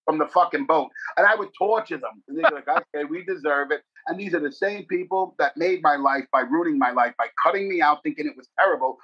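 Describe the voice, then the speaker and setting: A middle-aged man with a New York accent, from the Bronx, telling rapid, profane, animated stories in a casual interview. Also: a little high. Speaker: guest actor. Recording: dull lo-fi podcast audio.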